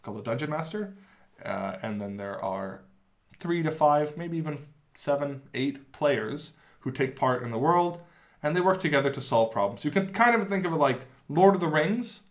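A man's voice: fairly high pitch, expressive, moderate pace. A man co-hosting a casual podcast, explaining things at length with frequent ums and uhs and easy laughter. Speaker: podcast co-host.

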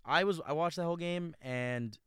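A man's voice: on the high side, normal speed, a bit bright, smooth, no room sound. A man co-hosting a podcast, chatting casually about football in a rambling, jokey way that trails off mid-sentence. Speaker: podcast co-host. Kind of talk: casual sports chat.

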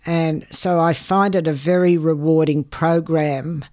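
An older woman, giving earnest, measured interview answers and often repeating words. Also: low voice, steady tone, darkish tone. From Hungary. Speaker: guest. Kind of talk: interview answers, personal recollection.

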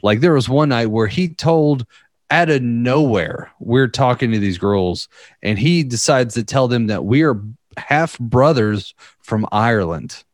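A man's voice: medium pitch, expressive, unhurried, dry recording. Laughing, rambling young man telling stories. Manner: rambling storyteller, laughs often, acts out quotes. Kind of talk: casual podcast chat.

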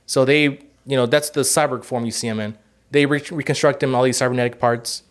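A man's voice: medium pitch, steady tone, a little fast. A man in casual podcast chat. He rambles and swears, filling his speech with "like" and "you know". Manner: rambling, profane, heavy use of "like" and "you know". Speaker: podcast co-host.

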